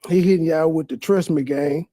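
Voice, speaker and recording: A man's voice: a little high, fairly even intonation, moderate pace, warm tone, no room sound, studio quality. A man hosting a stream reaction, giving crude, sarcastic live commentary with heavy cursing.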